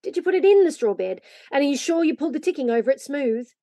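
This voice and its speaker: A woman voicing an anxious older sister, a girl who frets in hushed tones. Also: high voice, very animated, fast, no echo, voice pushed up. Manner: fretful, breathy whispers.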